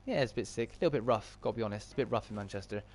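A man's voice: on the low side, racing, a little hiss or hum. Chatty Bristolian man streaming a game. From Bristol, England. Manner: chatty, reads out and answers chat comments. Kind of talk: casual live-stream commentary while gaming.

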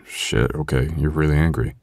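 A man's voice: extremely low pitch, fairly even intonation, normal speed, gravelly, no echo. A man voicing a loving young husband in an ASMR boyfriend role-play, stammering and soothing as he apologizes. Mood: worried.

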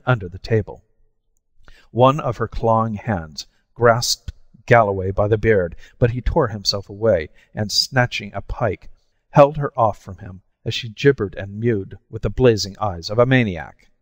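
A male narrator reads a classic short story in a measured, steady way. His voice sits on the low side. The mic is close and dry, but a long reverb trails after each phrase. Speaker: audiobook narrator. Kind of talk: scripted narration.

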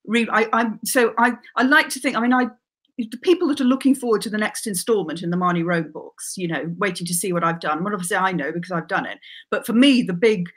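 A woman in her forties, a crime writer guest, chatting enthusiastically and telling lively stories. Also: medium pitch, fast talker. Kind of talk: casual chat.

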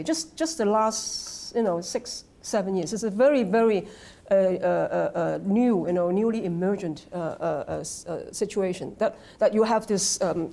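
A woman's voice: medium pitch, mellow. Hong kong lady lecturing, lots of uh and um, restarts herself, checks in with the room. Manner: halting, many fillers and restarts; conversational, asks the audience "right?". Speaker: guest lecturer. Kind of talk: academic lecture. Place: lecture hall.

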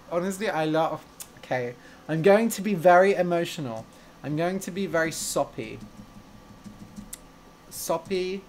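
Casting: young male teacher, unhurried and chatty, affectionate and jokey on a live stream. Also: fairly high pitch, a little hiss or hum. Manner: chatty, gushing and playful, laughs easily. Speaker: English teacher and podcast host. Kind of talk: casual live-stream chat with learners.

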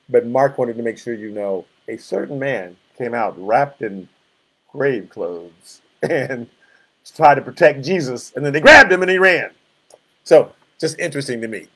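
A man's voice: fairly high pitch, normal speed, a bit bright. A man in his sixties, a pastor leading an informal Bible study, talking in a conversational, reflective way with rambling asides. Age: 60s.

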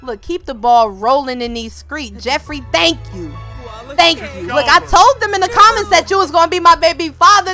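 A woman giving casual, joking gameplay commentary, animated and laughing often. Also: fairly high pitch, brisk, soft background music. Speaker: gaming YouTuber.

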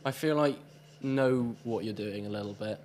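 A man's voice: lowish voice, moderate pace, a little mellow, slight background noise. Dry-witted young man. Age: young adult. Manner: dry, wry quips. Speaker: co-host. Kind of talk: comedic banter.

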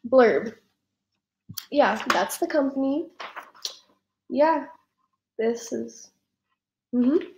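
A woman's voice: a little high, noisy background. A woman vlogging an unboxing in a casual, emphatic way, repeating herself and laughing between words. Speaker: fan fiction writer and vlogger.

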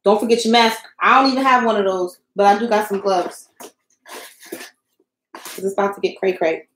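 Crafting in her home craft room, a young woman runs a relaxed live stream, getting flustered and making self-mocking jokes as she talks to her audience. She speaks at a normal pace in a mid-range voice with a fairly bright tone. There's a roomy echo, plus a little hiss or hum.

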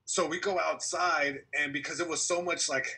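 A young male comedian tells a winding story in relaxed podcast chat, acting out what everyone said. His voice is bright and a little husky. He sounds like he's coming through a video call. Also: fairly high pitch, normal speed. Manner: animated storyteller, acts out quotes, laughs. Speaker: comedian guest.

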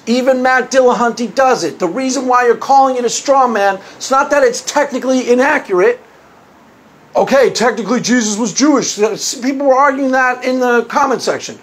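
Male online commentator, very high voice, blunt, combative. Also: a bit bright. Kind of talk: opinion commentary.

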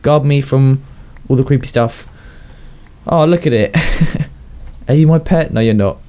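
A man's voice: mid-range voice, unhurried, mellow. Chatty young gamer guy. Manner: chatty, talks to his pets, laughs often. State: slightly unwell, coughing. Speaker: gaming YouTuber. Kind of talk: casual game commentary.

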